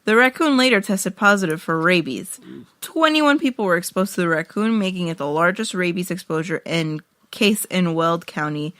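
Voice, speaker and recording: A woman's voice: lowish voice, animated, moderate pace, fairly bright tone, no echo. A young woman co-hosting a casual podcast, reading out news stories, laughing and swearing freely. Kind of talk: casual chat.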